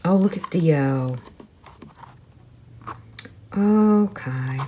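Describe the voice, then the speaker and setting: A woman narrating an unboxing video, soft-spoken and gushing, moving between quiet murmurs and excited exclamations. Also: a bass voice, normal speed, dull audio, a little hiss or hum. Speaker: vlogger.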